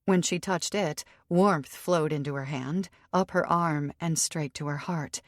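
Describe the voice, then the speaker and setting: A woman reads a fantasy audiobook in an even, steady way, her voice low and grounded. The recording is close and completely dry, with no room sound. Her delivery stays measured and clear throughout. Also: no room sound. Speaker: audiobook narrator. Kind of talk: scripted narration.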